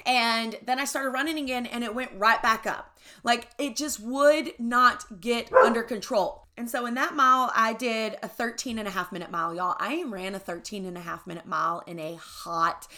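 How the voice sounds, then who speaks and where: A woman's voice: a little high, moderate pace, pushed and bright. A young adult woman hosting a podcast, telling a candid story in casual talk, swearing freely and often asking "right?". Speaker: podcast host.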